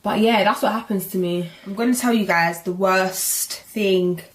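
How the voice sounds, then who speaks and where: Young woman, London accent, casual vlog chat, animated, a bit out of breath. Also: mid-range voice, normal speed. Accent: London English. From England. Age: 20s. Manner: chatty, animated storytelling, breathless asides. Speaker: vlogger.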